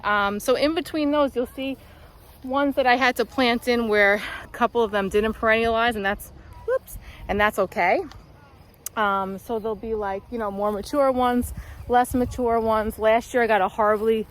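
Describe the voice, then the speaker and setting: A woman's voice: a little high, steady tone, moderate pace, rough recording. A woman flower farmer giving a casual walk-through of her rows outdoors, chatty and upbeat, slightly out of breath. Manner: chatty, upbeat, talking while walking the rows.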